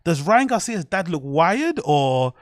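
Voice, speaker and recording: Guy streaming, swears a lot, rambles at chat, kinda high voice, dry close mic. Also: sing-song, a little slow, dry recording. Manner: profane, rambling, talks to chat. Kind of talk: casual live-stream commentary.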